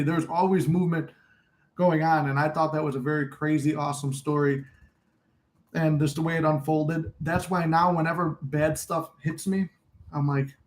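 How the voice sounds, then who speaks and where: A man's voice: a little high, darkish tone, poor audio. Rambling, candid man hosting a live stream. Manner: candid, rambling, swears freely; reads and answers viewer comments aloud. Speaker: livestream host. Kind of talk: casual livestream chat.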